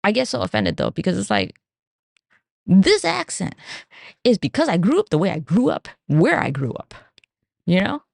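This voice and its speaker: A woman's voice: mid-range voice, moderate pace, vocal fry, long pauses, dry recording, studio quality. A young woman hosting her own podcast, rambling and swearing freely in a casual solo rant. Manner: swears a lot, rambling, animated. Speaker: podcast host.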